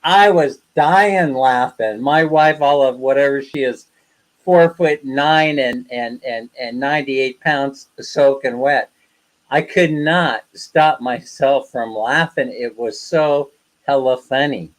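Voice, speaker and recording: Speaking slowly at a medium pitch over a rough recording, an older Western livestream host chats casually. His storytelling is talkative, full of laughter, with quoted lines acted out.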